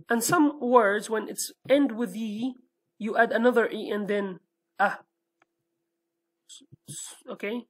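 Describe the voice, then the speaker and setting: Kurdish-accented woman, native Kurdish speaker, mid-pitched teacher voice, patient and step-by-step, keeps checking in with the learner. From Iraqi Kurdistan, Sulaymaniyah. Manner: patient, explains step by step, often checks with "okay?". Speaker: language teacher. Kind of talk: online language lesson.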